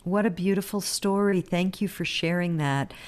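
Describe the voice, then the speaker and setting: A woman hosting an interview, gentle and affirming as she asks questions. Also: on the low side, moderate pace, clean tone. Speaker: host.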